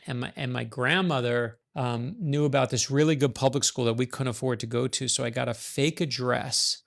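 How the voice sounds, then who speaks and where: A middle-aged man from New York, an author guest, telling stories in a quick, animated way and acting out the voices of people he quotes. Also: mid-range voice, gravelly. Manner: animated, fast-talking storyteller, acts out quoted lines. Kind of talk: conversational storytelling.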